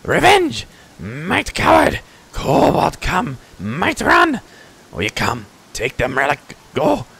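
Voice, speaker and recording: A man voicing a proud little male kobold chief in a video game, speaking slowly in broken phrases. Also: on the high side, huge pitch swings, vocal fry, fairly bright tone, breathy edge, voice pushed up, exaggerated voice. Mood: blustery. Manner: broken clipped speech, slow and emphatic.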